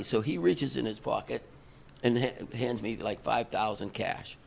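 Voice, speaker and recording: A man, a concert promoter guest on a podcast, telling an animated story and acting out the dialogue. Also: medium pitch, normal speed, gravelly, a little hiss or hum. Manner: animated, chuckles through the story, acts out dialogue.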